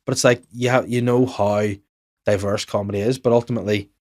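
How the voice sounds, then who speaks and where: In a dry, studio-quality recording, a man with a fairly low pitch hosts a podcast. He's a comedian who rattles off rambling anecdotes, animated and quick, in casual conversation.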